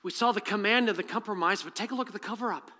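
Animated high-voiced preacher in an echoey hall. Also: male voice, very fast. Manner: animated preaching with asides and humor; reads scripture aloud and acts out the dialogue. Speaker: pastor. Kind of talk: sermon.

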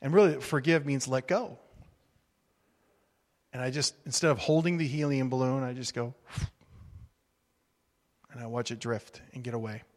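A male pastor preaching a sermon in a relaxed, humorous, conversational way, acting out little quotes. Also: medium pitch, normal speed, pauses often. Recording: reverberant hall.

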